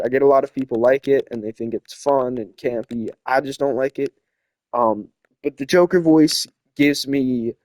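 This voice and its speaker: A man's voice: medium pitch, darkish tone, dry recording. A young man hosting a casual opinion chat, rambling and opinionated with lots of fillers. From not from South America. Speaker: host.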